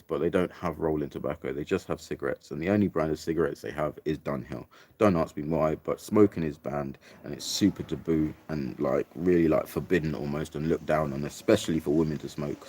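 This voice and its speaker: A man's voice: very deep voice, a little mellow, husky. A young English man casually telling a rambling, sweary story about a trip, full of "like" and "mate". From England. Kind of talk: casual anecdote.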